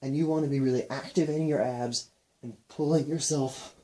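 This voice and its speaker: A young man explaining and demonstrating ab exercises in a casual, relaxed way while counting reps aloud. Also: mid-range voice, brisk. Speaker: fitness instructor.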